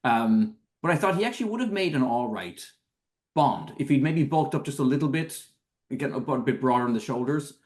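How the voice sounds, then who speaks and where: A man co-hosting a casual film podcast, sharing trivia in a halting way, full of ums. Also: medium pitch, lively intonation. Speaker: podcast co-host.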